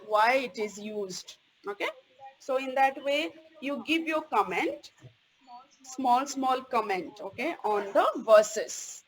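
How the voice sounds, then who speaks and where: Woman, theology lecturer, high voice, slow pace, repeats "okay?", stresses key words. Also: poor audio. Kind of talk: recorded course lecture.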